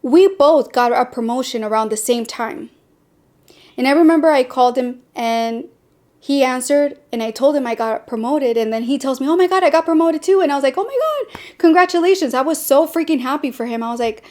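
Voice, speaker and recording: Sassy high-voiced woman giving blunt dating talk. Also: brisk. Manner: blunt, sassy and animated, with sarcastic asides. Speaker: podcast host. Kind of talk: candid personal talk.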